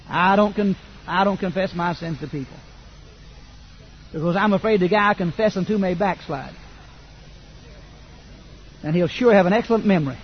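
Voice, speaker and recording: An older man, preaching a sermon that swings from quiet asides to loud fervent declaration. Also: sits high, normal speed, pauses often, highs cut off, slight background noise.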